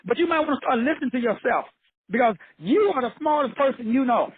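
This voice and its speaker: A man's voice: very high voice, animated, fast talker, breathy edge, dry recording. A man giving a fiery motivational lecture, preachy and blunt, repeating his points with profanity. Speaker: motivational teacher. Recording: tinny phone-like dry sound.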